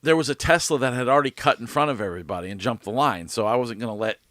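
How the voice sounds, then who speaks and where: A man's voice: mid-range voice, racing, dry recording, studio quality. A man co-hosting a podcast, telling a story in casual chat, swearing and acting out what people said. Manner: animated storytelling, swearing, acts out quotes. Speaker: podcast co-host.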